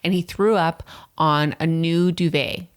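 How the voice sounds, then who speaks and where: A woman co-hosting a relaxed couple's podcast, her voice sitting a little low for a woman. She tells her side with animated, quoted exchanges and keeps cutting in to finish her point. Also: a little slow, clear, resonant tone. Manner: animated storytelling, quoting her partner, interrupting to hold the floor. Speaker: podcast co-host. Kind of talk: casual couple's podcast chat.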